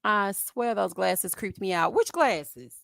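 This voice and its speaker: Sassy, bright-voiced woman chatting live. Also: medium pitch, slow, gravelly, no room sound, studio quality. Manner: sassy and expressive, addressing viewers as honey and y'all; laughs at her own jokes. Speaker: host of a live reality-TV review stream. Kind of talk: casual live-stream chat with viewers.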